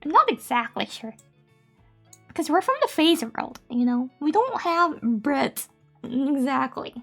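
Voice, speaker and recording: A woman's voice: high-pitched, big pitch swings, slow, creaky, soft background music. A woman from Japan, a native Japanese speaker with a Japanese accent, chatting casually on a live stream and reading out viewer messages in a giggly, cutesy way.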